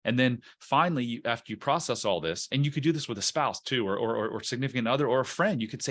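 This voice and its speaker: A man's voice: mid-range voice, lively intonation, quick pace, few pauses, a bit bright. A man on a podcast interview, explaining emotional self-help in an earnest, coaching way, often restarting words. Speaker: guest, coach.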